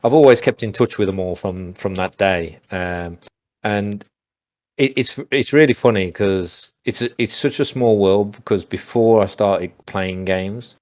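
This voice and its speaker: Guest: man, very low voice, dry close sound, rambling casual anecdotes. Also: a little slow, a little mellow, no room sound. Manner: rambling, many restarts and fillers. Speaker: interview guest, former pro gamer. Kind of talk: casual storytelling on a call.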